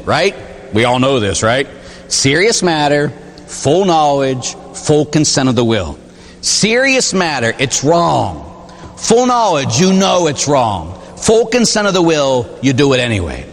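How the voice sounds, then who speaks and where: A man who is a Catholic priest, preaching a sermon in a church with jokes and rhetorical questions. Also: a little high. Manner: animated, joking, full of rhetorical questions. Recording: long reverb of a large hall.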